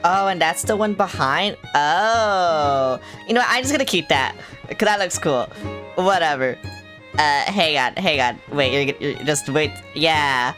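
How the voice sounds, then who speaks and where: Hyper, low-voiced woman streamer. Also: animated, unhurried, fairly bright tone, faint music behind. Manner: hyper, rambling and playfully profane. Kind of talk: casual gaming livestream chatter.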